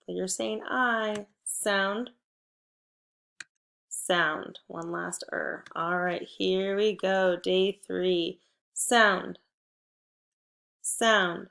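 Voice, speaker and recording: A woman teacher giving a spelling and phonics lesson to first graders, patient and encouraging, prompting with clear cues. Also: medium pitch, steady tone, very slow, pauses often, a bit bright. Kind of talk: phonics lesson for young children.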